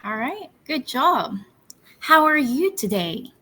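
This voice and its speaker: A woman teaching English to young children, speaking slowly and clearly, drilling words for them to repeat and praising them. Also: sits high, big pitch swings, pushed and bright, low-quality recording. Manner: slow, clear, encouraging, drills words for repetition. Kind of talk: classroom storytelling lesson for children.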